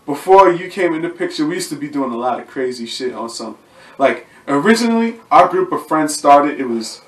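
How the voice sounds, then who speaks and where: Laid-back man, slightly high voice, echoey room. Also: lively intonation, a little fast. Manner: laid-back, reminiscing, trailing off mid-sentence. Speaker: podcast guest, producer. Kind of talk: casual chat. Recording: echoey room, mic at a distance.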